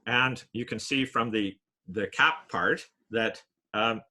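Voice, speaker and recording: A man giving a playful lecture on wordplay, explaining puns with many filler pauses. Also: fairly low pitch, bright, forceful tone. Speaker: guest lecturer.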